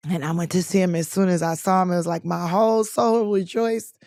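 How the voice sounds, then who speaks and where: Lively, laughing woman telling stories. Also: fairly low pitch, brisk, dry recording, clean studio sound. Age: 20s. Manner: animated, laughing, acts out voices in her stories. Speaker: guest. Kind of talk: casual storytelling.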